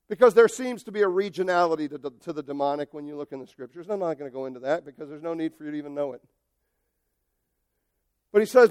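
A male pastor preaches with lively emphasis and talks directly to his congregation. His voice sits high for a man and he swings from soft remarks to loud outbursts. The sound is dry, with no room echo. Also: fast, long pauses, smooth. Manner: addresses the congregation directly and conversationally. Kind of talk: sermon.

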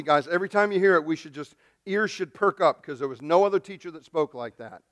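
A pastor preaching a sermon, swinging from hushed, near-whispered lines to loud, emphatic ones. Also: male voice, a little high, quick pace, hardly any pauses.

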